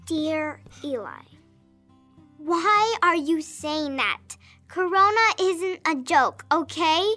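A high, bright-toned young girl's voice, acted by a woman, earnest and anxious as she reads her letters slowly. Soft music sits faintly beneath her in this audio drama. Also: lively intonation, exaggerated voice. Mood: upset. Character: young girl, worried, earnest best friend. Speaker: letter-writing child character.

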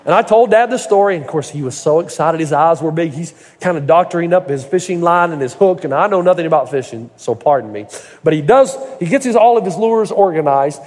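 A middle-aged male pastor with a high-pitched, darkish voice preaches a sermon, spinning folksy, humorous stories that build to emphatic points. The recording carries an echoey hall reverb.

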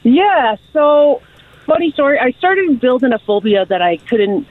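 A woman calling in to a radio show and telling a story in a chatty, lively way, acting out what people said. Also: high voice, measured pace, dry recording. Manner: lively, chatty storyteller who acts out quotes. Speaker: caller. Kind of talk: call-in storytelling. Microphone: telephone. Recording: phone line.

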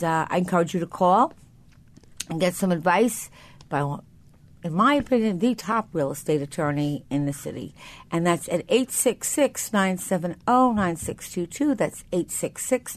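A woman hosting a talk radio show from a studio, chatting in an upbeat, rambling way. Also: on the low side. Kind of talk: casual talk radio chat.

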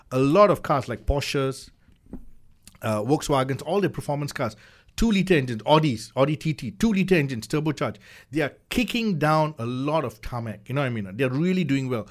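A man chatting casually as a car reviewer, animated and often repeating words as he builds a point. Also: mid-range voice. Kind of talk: casual chat.

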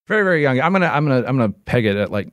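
A man's voice: mid-range voice, sing-song, very fast, fairly bright tone, no echo, clean studio sound. Rambling, chatty male interview guest. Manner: rambling, full of "like" and restarts, laughs often. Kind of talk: casual interview chat.

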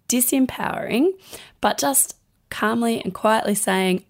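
Upbeat woman co-host, emphatic delivery, some vocal fry. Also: mid-range voice, normal speed. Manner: upbeat, emphatic, laughs easily. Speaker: podcast co-host. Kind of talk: casual conversational advice.

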